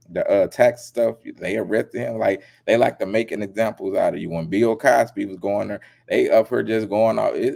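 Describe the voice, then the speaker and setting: A man giving casual commentary as a vlogger, animated and emphatic, with lots of slang. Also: lowish voice, vocal fry.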